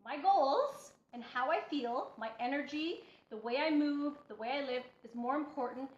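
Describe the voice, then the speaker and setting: A woman's voice: sits high, normal speed. Blunt, preachy woman in an echoey room. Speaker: healthy-eating coach. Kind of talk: motivational talk to camera. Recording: echoey room, dull lo-fi sound.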